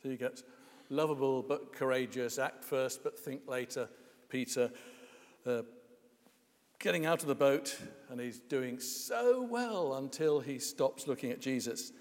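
A man's voice: mid-range voice, unhurried, big-room sound. A man preaching a sermon in a wry, conversational way, with frequent hesitations and asides.

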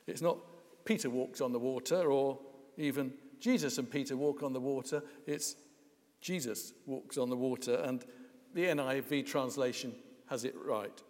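A man's voice: medium pitch, big-room sound. A man preaching a sermon in a wry, conversational way, with frequent hesitations and asides.

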